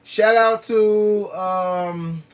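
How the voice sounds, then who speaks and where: On his sneaker livestream, a man chats in a loose, slangy way, leaning on fillers and saying the same phrases again and again. He speaks very slowly in a high, steady voice.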